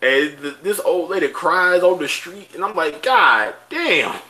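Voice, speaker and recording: Animated swearing man, bright tense voice. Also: high-pitched, normal speed. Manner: loud, animated, swearing, laughing often. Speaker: podcast co-host. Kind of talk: casual chat.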